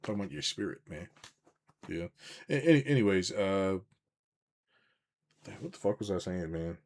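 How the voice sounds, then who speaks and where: A young man with a fairly low voice talks casually to his live-stream viewers. He rambles, swears freely and keeps restarting his sentences, reading chat comments as he goes. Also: expressive, normal speed. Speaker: business coach hosting a live stream.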